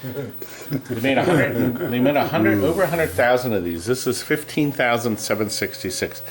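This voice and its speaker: A man's voice: medium pitch, expressive, moderate pace, slight background noise, low-quality recording. Chatty man showing off arcade games. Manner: chatty, enthusiastic, reads aloud and jokes. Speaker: co-host of an arcade restoration show. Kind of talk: casual on-camera show and tell. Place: amusement game shop or warehouse.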